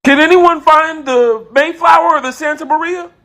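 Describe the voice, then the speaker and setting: A man's voice: extremely high pitch, normal speed, pushed and bright. A man delivering a scripted commentary monologue, emphatic and full of rhetorical questions.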